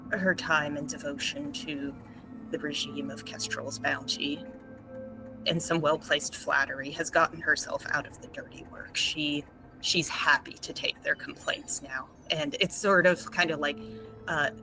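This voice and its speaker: A woman's voice: sits low, rough recording. A woman player describing her character in a tabletop game, hesitant with sighs and fillers.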